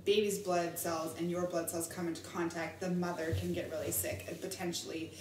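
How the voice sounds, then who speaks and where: A woman in casual chat, calmly explaining things in plain terms. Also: fairly low pitch, a little fast, far from the mic. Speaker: podcast co-host. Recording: echoey room, off-mic, faint noise.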